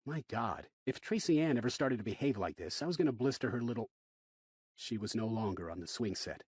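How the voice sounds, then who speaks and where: A man narrating a first-person horror audiobook in an expressive, wry way. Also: on the low side, a little fast, slightly rough.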